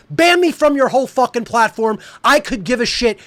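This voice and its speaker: A male podcast host delivering an angry, profane monologue, hurling repeated insults and shouting at times. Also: extremely high pitch, sing-song, moderate pace, few pauses.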